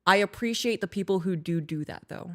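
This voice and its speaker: A woman co-hosting a podcast, chatting casually and bluntly. She swears freely and laughs her way through stories. Her voice sits a bit low for a woman. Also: brisk, a bit bright. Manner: blunt, profane, laughing while storytelling. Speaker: podcast co-host.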